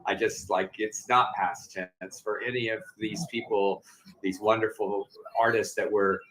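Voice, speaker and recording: A man's voice: on the low side, steady tone, a little slow, fairly bright tone, slight background noise, rough recording. A man hosting a casual chat, speaking affectionately and often stumbling and restarting. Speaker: host.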